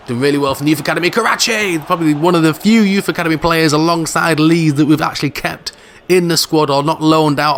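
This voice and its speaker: A man giving casual, jokey commentary over his own football video game. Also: a little high. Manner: animated, jokey, football banter. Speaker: gaming video host.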